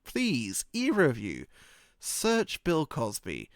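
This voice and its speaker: A man rambles through a casual podcast monologue, cracking jokes, swearing freely and laughing at himself. His pitch swings widely and lively from line to line. The sound is dry and close, with no room echo. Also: slow pace. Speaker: podcast host.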